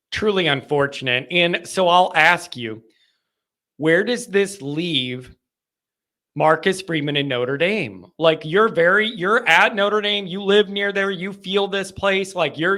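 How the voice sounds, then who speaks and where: A man's voice: high voice, pushed and bright. A male host of a live sports call-in show, talking in a frustrated, rambling way with many restarts. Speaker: podcast host.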